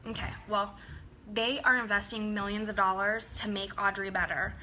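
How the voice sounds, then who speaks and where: A woman's voice: mid-range voice, fairly even intonation, moderate pace, sharp tone, a little hiss or hum, rough recording. A woman talking casually and earnestly to her sales team, rambling with lots of ums. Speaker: team leader addressing her downline.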